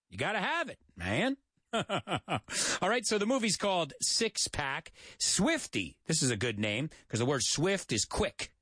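A man's voice: medium pitch, bright, forceful tone, no echo, studio quality. A man from the United States hosting a casual English lesson, joking and spelling out words for learners. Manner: chatty, jokey, repeats and spells out words. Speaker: English teacher and show host.

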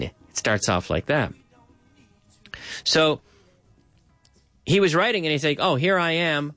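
A man hosting a radio show, who repeats phrases and explains them to his listeners in a lively way. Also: medium pitch, no echo. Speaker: radio host.

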